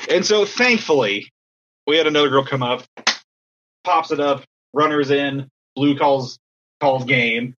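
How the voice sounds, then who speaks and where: A man, an assistant softball coach, telling a story in casual chat, acting out other people's lines in a raised voice. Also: medium pitch, measured pace, dull audio, slight background noise.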